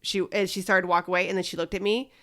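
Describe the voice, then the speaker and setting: A woman's voice: lowish voice, fast talker. A woman in her thirties co-hosting a parenting podcast, telling stories about her daughter in a casual chat. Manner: animated storyteller, acts out quotes. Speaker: podcast co-host.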